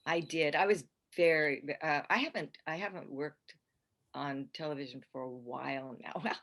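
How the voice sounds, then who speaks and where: An older actress, a guest on a podcast, chatting casually and rambling warmly through her stories with restarts and easy laughter. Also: deep voice, fairly even intonation, moderate pace. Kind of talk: casual podcast interview chat.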